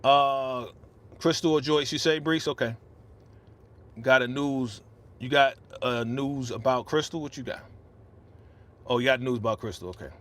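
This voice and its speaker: A man's voice: mid-range voice, normal speed, long pauses, a bit bright. A middle-aged man hosting a casual live-stream reaction, ranting with feeling and reading out viewer comments on a podcast microphone. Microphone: podcast studio microphone.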